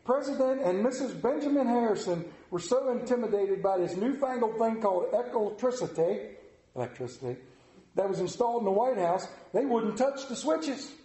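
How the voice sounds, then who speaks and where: In a reverberant space, a preacher with a very high voice and a dark tone talks through his sermon at normal speed with few pauses. His style is relaxed and conversational, and he keeps asking the congregation questions.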